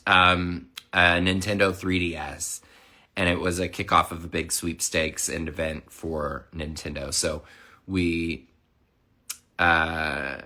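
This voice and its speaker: A man in his thirties who is sick and hoarse, chatting casually and rambling through a livestream. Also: low-pitched, sharp tone. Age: 30s. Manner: rambling, chatty, lots of fillers. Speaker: livestream host.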